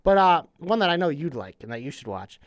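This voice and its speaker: A man's voice: on the high side, very animated, fast. Chatty young man co-hosting a podcast. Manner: chatty, says "literally" and "like" a lot. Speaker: podcast co-host. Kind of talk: casual chat.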